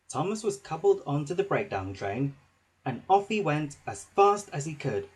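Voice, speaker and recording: A man narrating a children's story with a slow, expressive reading. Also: on the high side, poor audio.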